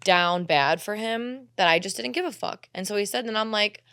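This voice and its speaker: Young woman telling a wild story, animated. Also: mid-range voice, moderate pace, clear, resonant tone, no room sound, studio quality. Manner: animated storytelling, swearing, acts out her own quotes. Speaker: podcast co-host. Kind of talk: candid casual chat.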